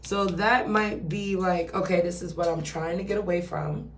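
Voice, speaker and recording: A woman's voice: fairly low pitch, steady tone, moderate pace, a little hiss or hum. A woman giving a casual, chatty tarot reading who swears and acts out quoted voices. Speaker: tarot reader. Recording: roomy echo, distant from mic.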